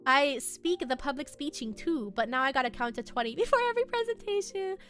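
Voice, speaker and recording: Bubbly high-voiced young woman streamer. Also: animated, brisk, a bit bright. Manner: bubbly, giggly, reads chat aloud. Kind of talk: casual chat with live chat. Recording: faint music behind.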